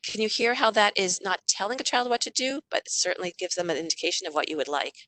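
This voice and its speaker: A woman's voice: mid-range voice, expressive, fast talker. A middle-aged woman giving a parenting talk over a video call, chatty, often acting out what parents and kids say. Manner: warm, conversational, acts out parent and child lines. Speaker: parenting author and workshop speaker.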